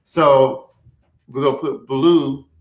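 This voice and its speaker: A man's voice: medium pitch, fairly even intonation, takes it slowly. A man who is a guest on a talk show, spinning a rambling, playful story in casual chat. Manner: rambling, playful, acts out characters. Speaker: guest, writer. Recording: echoey room.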